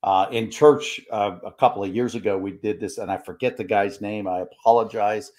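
A man's voice: fairly low pitch, steady tone, normal speed, a little mellow. An older man hosting a podcast interview, rambling and restarting his questions. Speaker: podcast host.

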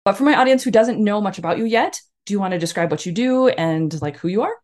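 A woman's voice: medium pitch, lively intonation, fast talker, a little mellow. A woman hosting a podcast interview, bubbly and chatty, laughing often. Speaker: podcast host.

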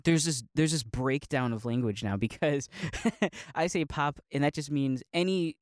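Young guy, loose rambling monologue, laughs often, bit high, dry close mic. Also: measured pace, no room sound. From Northeast Ohio. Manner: rambling, laughs often, many likes and restarts. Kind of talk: casual monologue.

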